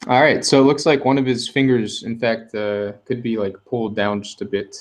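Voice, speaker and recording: A man running a tabletop role-playing session, narrating traps and scenes. He talks in an easygoing, chatty way, full of fillers and quick laughs. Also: medium pitch, flat delivery. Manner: casual, laughs often, many fillers. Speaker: game master.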